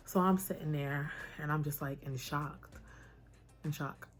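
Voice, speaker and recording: A young woman vlogger telling a personal story in a casual, animated, chatty way. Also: deep voice, moderate pace.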